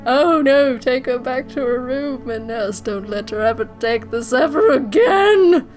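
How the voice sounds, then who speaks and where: A woman's voice: high-pitched, lively intonation, unhurried, darkish tone, faint music behind. A woman voicing a stern, patronizing male doctor in a horror game.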